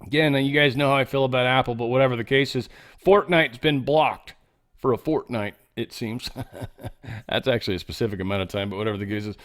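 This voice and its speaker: A man's voice: medium pitch, a bit bright. A man hosting an online show, commenting on the news in a chatty way with joking asides and frequent fillers. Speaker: show host.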